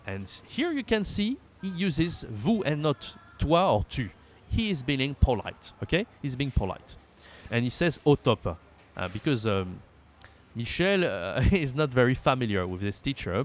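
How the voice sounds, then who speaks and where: Man teaching with lively pitch. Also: moderate pace, slight background noise. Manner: explains patiently, reads example lines aloud with lifted emphasis. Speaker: French teacher. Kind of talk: language lesson.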